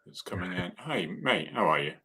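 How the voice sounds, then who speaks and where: A man's voice: deep voice, animated, normal speed, background noise. A man, co-hosting a casual chat over a video call, teasing and bantering. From Cornwall, England. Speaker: co-host.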